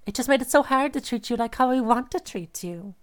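A woman's voice: a little high, animated, brisk, close to an everyday voice. A woman playing a volatile, obsessive girlfriend. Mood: frantic apologetic. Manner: swings between sweet cooing and sudden rage. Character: volatile, obsessive young woman who holds her partner captive. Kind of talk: audio role-play monologue.

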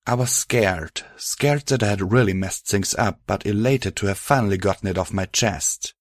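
Man, storyteller, low voice, steady reading, dry close sound. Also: normal speed, dry recording. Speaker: narrator. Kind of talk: audiobook reading of fan fiction.

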